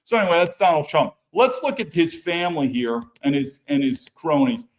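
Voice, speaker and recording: Blunt, rambling American man, fairly high voice. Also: big pitch swings, moderate pace. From United States. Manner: blunt, opinionated, rambling with frequent restarts. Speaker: political commentary show host. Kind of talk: casual commentary over news clips.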